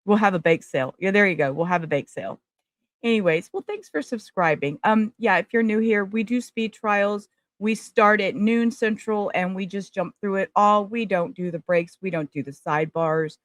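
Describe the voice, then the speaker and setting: A woman's voice: mid-range voice, moderate pace, dry recording. A woman hosting a casual livestream, talking emotionally and straight to her viewers. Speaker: livestream host.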